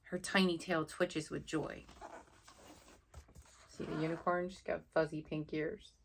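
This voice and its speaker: A woman reading a picture book aloud at bedtime, gentle and pausing to point things out to the listener. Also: low-pitched, flat delivery, gravelly, slight background noise. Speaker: storybook reader.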